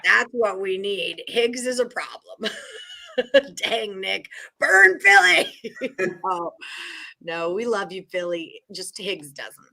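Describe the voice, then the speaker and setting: A woman's voice: mid-range voice, takes it slowly, sharp tone. A woman from Texas hosting a casual sports betting chat, bubbly and chatty. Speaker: host.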